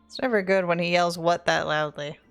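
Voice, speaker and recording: A woman's voice: lowish voice, brisk, a bit bright, clear, resonant tone, soft background music. A woman chatting casually as a player at a tabletop game, with laughing asides.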